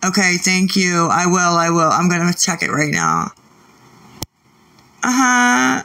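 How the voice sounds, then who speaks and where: Woman, livestreamer, irritated, profane, slow, tense bright tone. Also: on the low side, animated, distant mic. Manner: irritated, swearing, arguing back at chat. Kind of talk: late-night livestream talk with chat.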